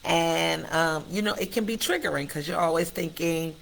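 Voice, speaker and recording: A woman's voice: sits low, normal speed, gravelly, slight background noise, poor audio. A middle-aged woman hosting her own livestream, speaking candidly and from the heart in a preacher-like cadence, often turning straight to her viewers. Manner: addresses viewers directly and often. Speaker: host of her own live stream. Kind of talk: candid personal livestream talk.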